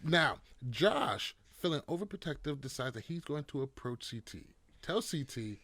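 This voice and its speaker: A man's voice: on the high side, lively intonation, normal speed. A man hosting a podcast, leading the recap in a casual, sarcastic way. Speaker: podcast host.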